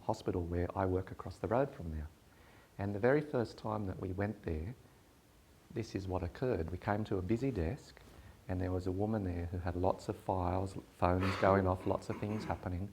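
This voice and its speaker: A man presenting a talk, telling a personal story in an animated, wry way. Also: low voice, normal speed, slight background noise.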